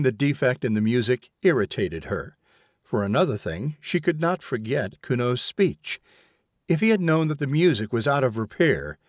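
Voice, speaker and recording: Expressive male audiobook narrator. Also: medium pitch, dry recording, clean studio sound.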